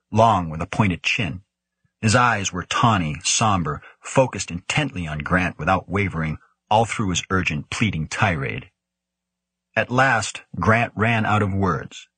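A male audiobook narrator with a deep, slightly husky voice. He tells the story at a measured, even pace. The recording is dry and close, with no room sound. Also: dry recording. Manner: measured storytelling, voicing characters. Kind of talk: scripted narration.

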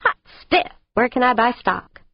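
A woman's voice: medium pitch, normal speed, no room sound, natural voice. A woman narrator voicing a spirited, wisecracking young woman spacecraft pilot in an audiobook. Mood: cheeky. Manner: breezy, wisecracking. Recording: dull lo-fi audiobook recording.

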